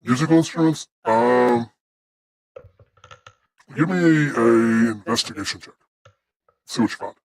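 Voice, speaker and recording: A man's voice: mid-range voice, unhurried, long pauses, darkish tone, dry recording, low-quality recording. A man narrating a tabletop game as game master, describing scenes casually with fillers.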